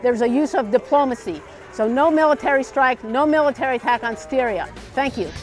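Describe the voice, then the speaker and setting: A woman speaks out to camera at a street festival booth, firm and insistent, driving her point home again and again. Her voice sits a little high, with faint music behind her. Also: a little fast. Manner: emphatic, insistent, repeats key phrases. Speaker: public commenter. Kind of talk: impassioned statement to camera.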